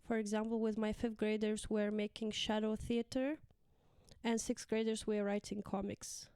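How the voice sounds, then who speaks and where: Chatty young woman teacher, clear voice. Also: mid-range voice, little pitch movement, normal speed, a little mellow, no echo, clean studio sound. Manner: chatty, acts out quotes of pupils with laughs. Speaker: English teacher, guest. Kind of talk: casual conversation.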